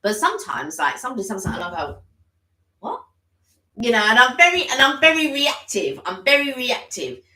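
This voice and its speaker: A woman's voice: a little high, big pitch swings, quick pace, few pauses, sharp tone. A woman co-hosting a casual live stream, chatting at length and filling her talk with "like" and "sort of". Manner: chatty, rambling, full of "like" and "sort of". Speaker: co-host. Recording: roomy echoey room.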